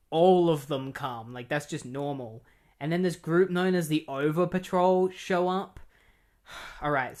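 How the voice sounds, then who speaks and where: A man's voice: on the high side, clear, resonant tone. A man walks through a comic book plot in a loose, rambling way. He leans on filler words and sounds openly incredulous at what he is retelling. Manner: incredulous, keeps insisting he is not kidding. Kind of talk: casual recap of a comic.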